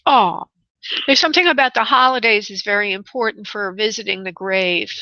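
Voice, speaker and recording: A woman's voice: mid-range voice, normal speed, bright, forceful tone, dry recording, lo-fi sound. A woman hosting a call-in psychic reading, soothing and calling the caller honey and love. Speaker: psychic medium host.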